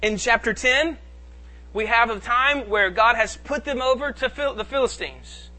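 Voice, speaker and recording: Bright high-voiced male pastor preaching. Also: lively intonation, a little slow. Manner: preaching with emphatic rises and drops in volume. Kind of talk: sermon.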